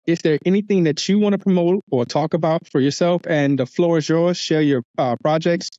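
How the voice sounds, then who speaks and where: A man's voice: on the high side, fairly quick, dark tone, no echo, dull audio. A man hosting a podcast interview, friendly as he wraps up and thanks his guest. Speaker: podcast host.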